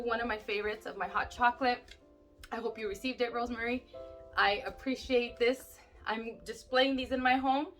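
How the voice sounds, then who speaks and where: A woman's voice: fairly high pitch, fairly bright tone. A woman vlogging as she opens mail from viewers, gushing and exclaiming, teary-eyed and close to crying. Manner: gushing, exclaims and gasps often. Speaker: YouTube crafter opening friend mail. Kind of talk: casual vlog chat.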